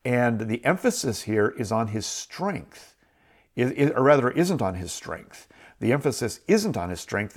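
A middle-aged man hosts a show and talks through a Bible story. His voice sits at an ordinary pitch, and his delivery is earnest and encouraging. He often doubles back to repeat words for emphasis. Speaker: host. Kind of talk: Bible teaching talk.

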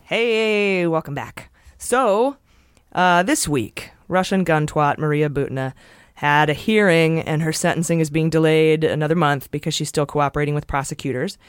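A woman's voice: low-pitched, moderate pace, smooth, no echo, studio quality. Profane, sarcastic woman podcast host. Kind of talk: casual political podcast chat.

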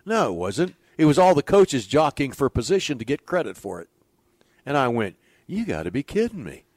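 An older man spins folksy stories as an interview guest, acting out each quoted voice. His pitch sits in an ordinary middle range, and the sound is close and dry with no room around it. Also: moderate pace, dry recording. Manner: folksy, animated storyteller who acts out quoted dialogue. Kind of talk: storytelling in a conversational interview.

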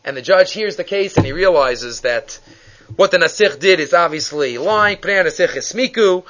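A high-voiced man teaches a Torah class and tells stories, acting out each character's lines with lively energy. Hebrew phrases run through his talk. The recording sounds dull and lo-fi. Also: moderate pace. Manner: animated storyteller acting out dialogue, mixing Hebrew phrases.

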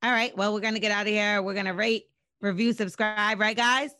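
Teasing podcast host running a segment. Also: female voice, mid-range voice, steady tone, brisk, bright, forceful tone, dry recording, clean studio sound. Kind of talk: casual podcast banter.

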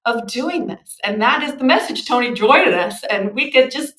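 A woman's voice: a little high, expressive, normal speed, fairly bright tone, echoey room, poor audio. A woman guest who is a parenting expert, speaking with earnest, preacher-like conviction. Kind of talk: casual chat.

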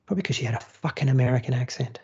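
A man tells a story in loose podcast chat, blunt and animated, dropping swear words. His voice is gravelly with a husky edge. The audio sounds a little dull and lo-fi. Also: mid-range voice, racing. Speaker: former churchgoer turned atheist, storyteller.

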